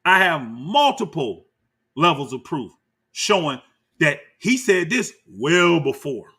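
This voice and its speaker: A slow, breathy-edged male voice on the high side drives this commentator's reactions to clips. Animated and combative, he gives heated commentary, calls out people by name, and talks right to viewers as y'all.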